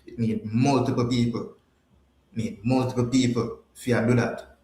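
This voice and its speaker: The podcast host here has a Jamaican accent and a mid-range, dark voice with fairly even intonation at a moderate pace, recorded in a reverberant space. He casually chats with and answers viewers on a livestream, repeating his points for emphasis.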